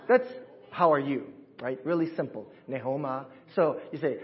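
A man in a church service, a pastor talking with his congregation in a lively, upbeat way and leading them through a greeting. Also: a little high, normal speed, highs cut off. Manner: warm, upbeat, talks with the congregation and teaches them. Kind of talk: sermon.

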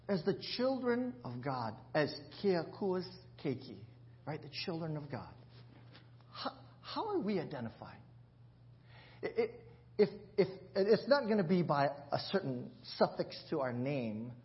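Male pastor, conversational sermon, slightly high voice, dull lo-fi church recording. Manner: conversational, asks the congregation questions; jokes and laughs at himself.

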